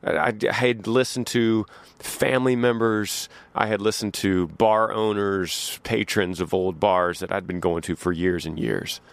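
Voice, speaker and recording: A man hosts a podcast, spinning rambling, folksy stories full of restarts. His voice sits low, and it is recorded dry and close with no room sound. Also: fairly even intonation, measured pace, creaky, no echo. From Texas. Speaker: podcast host. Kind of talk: casual storytelling.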